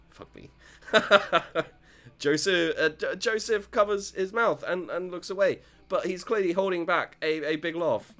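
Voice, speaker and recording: A man doing gameplay commentary, excitable and joking, with frequent stammered restarts and casual swearing. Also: high voice, a little slow, faint music behind. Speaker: let's play host. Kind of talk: gameplay commentary, reading dialogue aloud.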